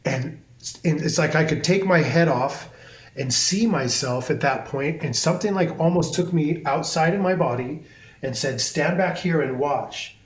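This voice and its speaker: A man's voice: on the high side, normal speed. A man, a hairstylist guest on a podcast, talking in an intense, emphatic way and swearing freely. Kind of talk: podcast conversation. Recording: roomy echo.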